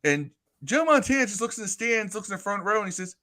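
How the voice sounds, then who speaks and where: A man co-hosting a podcast, talking sports in an animated, storytelling way with casual swearing. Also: high voice, fast. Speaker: podcast co-host. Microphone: live stream podcast mic.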